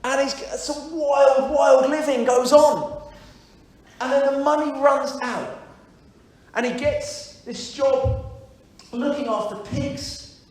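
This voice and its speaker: A man preaching in a very high, light voice, taking his time over every phrase. He is reflective, circles back to key words and speaks directly to the congregation. His voice rings through a strongly echoing church. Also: fairly even intonation, slow pace, pauses often. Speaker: minister leading a church service. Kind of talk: sermon. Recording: very echoey church sanctuary.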